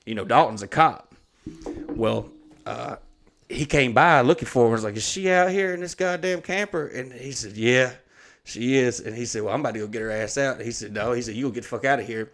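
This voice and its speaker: A man's voice: medium pitch, fairly even intonation, a little fast, a bit bright. A man, telling stories in a rambling, profane, laid-back way as co-host of a casual chat. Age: 30s. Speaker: podcast co-host.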